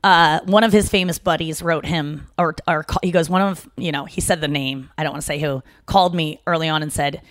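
A woman's voice: low voice, brisk, few pauses, dry recording, studio quality. A young adult woman co-hosting a podcast, chatting casually and telling stories with lots of restarts and asides. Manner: rambling, animated storytelling with self-interruptions. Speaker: podcast co-host. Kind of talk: casual chat.

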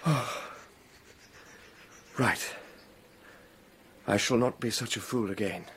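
A man's voice: fairly low pitch, slow, a bit bright, breathy edge, exaggerated voice. An actor playing a nervous young male scholar alone at night, talking to himself and easily spooked. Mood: weary.

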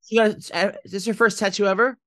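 A man with a New Jersey accent co-hosting a podcast, chatting casually in a fast, rambling way with swearing. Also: high-pitched, level tone, a bit bright, no room sound, clean studio sound. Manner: fast, rambling, swearing, acts out voices in stories. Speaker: podcast co-host. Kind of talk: casual chat.

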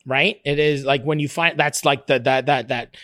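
A man with a mid-range voice, speaking at normal speed, is the guest in a casual interview and the creator of a cooking show. He tells stories in an animated, profane, rambling way, often restarting and laughing. The recording has no room sound.

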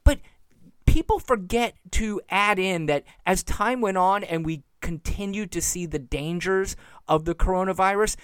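A high-sitting, clean-toned male voice comes through in clean studio sound with no echo. He hosts his own show, running sarcastic, exasperated solo commentary and poking fun at the people he talks about.

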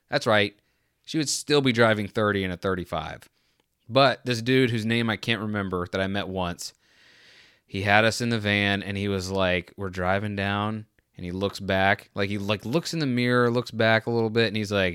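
A young adult man in a casual comedic rant, animated and exasperated, mocking other drivers. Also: on the low side, moderate pace, clean tone, dry recording, clean studio sound.

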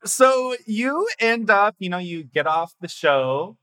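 A playful man conducting a relaxed interview, asking questions and trading jokes. His voice is bright and a touch high, and he talks quickly when he gets going. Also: clean tone, poor audio. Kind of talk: casual interview chat.

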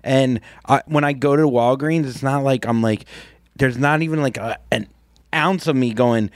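A man's voice: medium pitch, moderate pace, no room sound, clean studio sound. A man co-hosting a podcast, talking casually and earnestly in long rambling sentences, swearing now and then. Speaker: podcast co-host. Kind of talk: casual chat.

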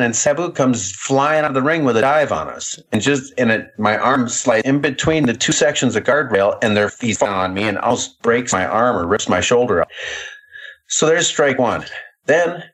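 A man's voice: mid-range voice, fairly bright tone. Wry man telling a backstage story. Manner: wry, builds a story to a punchline. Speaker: guest, former wrestler. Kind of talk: casual anecdote telling.

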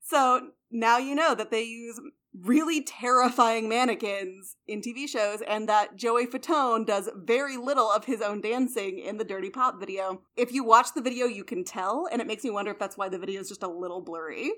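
A woman with a fairly high voice co-hosts a podcast. She tells anecdotes in a loose, conversational way, dropping wry asides as she goes. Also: moderate pace, fairly bright tone. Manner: chatty storyteller with wry asides. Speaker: podcast co-host. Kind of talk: casual chat.

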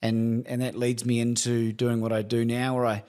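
Energetic man sharing a recovery story. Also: mid-range voice, normal speed. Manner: energetic, animated, laughs often. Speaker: courage coach and guest. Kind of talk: candid conversational storytelling.

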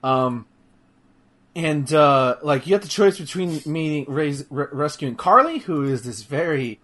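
A man streaming games, chatting casually in an animated, profane, rambling way with many restarts. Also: a little high, a little slow. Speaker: streamer discussing a game. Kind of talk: casual chat.

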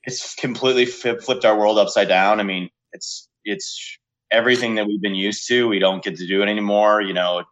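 Chill blunt guy on a video call, lower voice, just talking straight. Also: fairly even intonation, a little fast, fairly bright tone, muffled recording. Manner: laid-back, blunt. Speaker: guest, pub owner. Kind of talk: casual interview over video call.

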